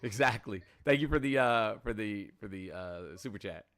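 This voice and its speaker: A man's voice: lowish voice, lively intonation, normal speed, a bit bright. A man hosting a call-in show, talking bluntly and with plenty of swearing and fillers. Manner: blunt and profane, with frequent fillers. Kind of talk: casual political chat.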